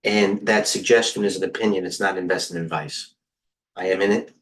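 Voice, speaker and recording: Middle-aged male trading coach, low-pitched, loose and excitable, riffs on charts to his viewers. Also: brisk, slight background noise. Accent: New York. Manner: rambling, excitable, chatty with viewers. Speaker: trading coach hosting a livestream. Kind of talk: casual live market commentary.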